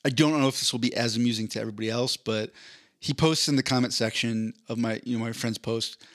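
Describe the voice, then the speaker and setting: Male podcast host, mid-pitched, casual storytelling, amused and rambling. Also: fairly even intonation, fast talker, no echo, clean studio sound. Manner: amused, rambling, with frequent restarts.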